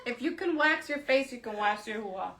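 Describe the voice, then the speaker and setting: A woman's voice: on the high side, animated, fairly quick, a bit bright. A woman co-hosting a casual chat, teasing and steering the talk toward viewer comments. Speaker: co-host.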